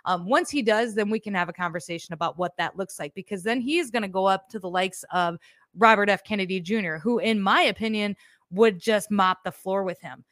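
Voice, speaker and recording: A woman hosts a podcast, talking bluntly and sarcastically, and she swears freely. Her voice sits at a middle pitch for a woman. The recording is dry and close, with no room sound. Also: a little fast, a bit bright, dry recording. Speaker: podcast host. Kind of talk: casual political commentary.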